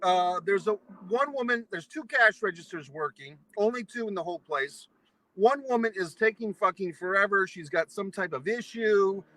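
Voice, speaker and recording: A man's voice: high voice, lively intonation, normal speed, sharp tone, poor audio. A man from New England ranting at length, angry and profane, in a vlog monologue. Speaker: vlogger. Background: eating pizza.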